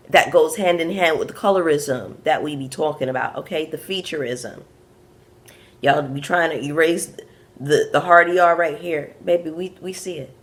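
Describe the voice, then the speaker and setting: A woman's voice: sits low, fairly bright tone. A young woman from Brooklyn with a Caribbean-tinged Brooklyn accent, recapping reality TV in sassy, frank asides to her viewers. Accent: Brooklyn with a Bajan and Caribbean patois touch. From Brooklyn, USA. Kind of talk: casual recap commentary.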